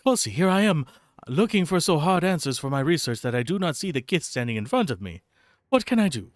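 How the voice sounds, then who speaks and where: A man's voice: fairly low pitch, animated, racing, creaky, dry recording, studio quality, voice pushed down. A man voicing an earnest woman scholar who studies souls, in formal speech with a wavering put-on foreign accent. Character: fussy woman scholar of soul science, earnest. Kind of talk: reading game dialogue aloud.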